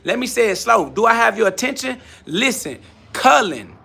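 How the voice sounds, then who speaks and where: A man's voice: extremely high pitch, expressive, brisk, gravelly, pushed and bright, husky. A man hosting a live stream from his garage gym, answering viewer comments in a brash, boastful, repetitive rant. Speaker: livestream host.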